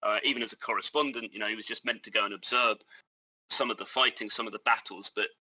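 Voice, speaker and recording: A man's voice: on the low side, steady tone, fast, pushed and bright, husky, no room sound, low-quality recording. A man co-hosting a casual history podcast, explaining events with enthusiasm. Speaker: podcast co-host.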